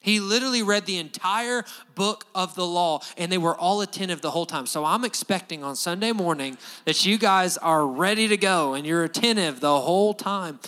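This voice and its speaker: Emphatic, animated man preaching a sermon. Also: high-pitched, moderate pace, hardly any pauses. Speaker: pastor.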